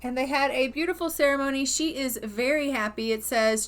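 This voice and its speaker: A woman's voice: high voice, brisk, few pauses. Chatty woman narrating gameplay. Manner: chatty, cheerful, narrates with put-on character voices. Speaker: gaming video host. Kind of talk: casual gameplay commentary.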